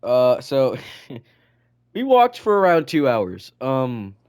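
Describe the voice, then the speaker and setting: A man's voice: mid-range voice, wildly swooping pitch, slow, darkish tone, clean tone. Rambling teenage boy telling school stories. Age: teens. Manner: rambling storytelling, full of "like" and swearing. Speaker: student podcast co-host. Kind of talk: casual chat.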